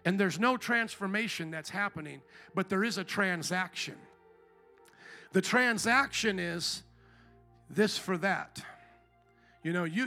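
A male pastor delivering a sermon with real fervor, dropping to a hush and then shouting out to the crowd. His voice sits high and rings bright and forward. Faint music plays beneath his words. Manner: impassioned, swings between soft and shouted.

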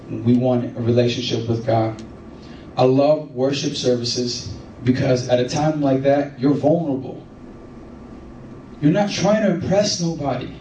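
Animated pastor preaching in an echoey hall. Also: male voice, medium pitch, a little hiss or hum. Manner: animated storytelling, rising to excited emphasis. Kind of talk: sermon. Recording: echoey room from far off.

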